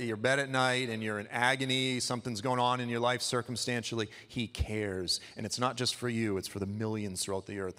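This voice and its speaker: A man's voice: lowish voice, sharp tone. A man giving a sermon in a church, telling the story in a conversational, humorous way. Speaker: guest preacher. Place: church hall. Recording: long hall reverb.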